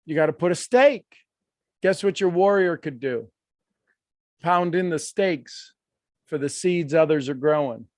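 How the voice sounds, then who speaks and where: High-ish guy coaching a live group, super animated, does little voices, dry close sound. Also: a little slow, long pauses, no room sound. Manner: animated, acts out quoted voices, laughs often. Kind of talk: live workshop teaching.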